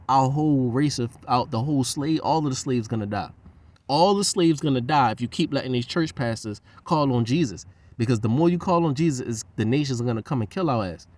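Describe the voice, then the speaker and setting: A man's voice: mid-range voice, a little mellow. A man talking in a loose, profane, rambling monologue. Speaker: host.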